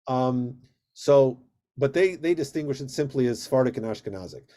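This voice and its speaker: A rabbi teaching a Hebrew reading class on a video call, patient and steady, drawing out vowel sounds in drills. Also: male voice, mid-range voice, moderate pace.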